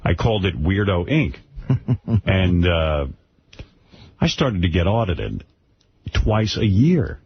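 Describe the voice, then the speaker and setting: Deep-voiced blunt radio host. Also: male voice, sing-song, slow, pauses often, husky, no echo. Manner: blunt, boastful, profane. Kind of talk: radio banter. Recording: muffled radio broadcast.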